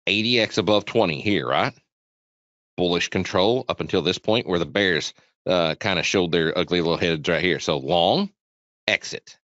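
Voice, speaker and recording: In a casual live chart walkthrough, a man presents a trading webinar, talking repetitively and asking his audience questions. His voice sits low, with a fairly bright tone at a moderate pace. The dry recording carries dull lo-fi webinar sound.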